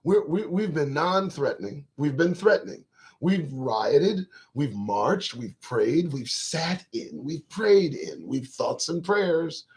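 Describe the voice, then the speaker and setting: A man's voice: on the high side, lively intonation, takes it slowly, a little mellow. A man hosting his own talk show, riffing in a casual live-stream monologue to viewers' chat, profane, rambling and emphatic.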